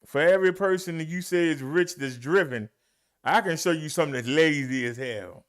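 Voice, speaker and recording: A man leading a Bible study as a minister, preaching in an emphatic, folksy way and talking straight to his listeners. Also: a little high. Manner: slow, emphatic delivery with long pauses and swooping emphasis.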